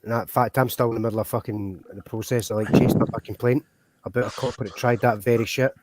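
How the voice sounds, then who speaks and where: A man's voice: medium pitch, steady tone, fast talker, very noisy. A man with a Glasgow accent talking bluntly and swearing a lot as a guest on a live call-in stream. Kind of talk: casual chat.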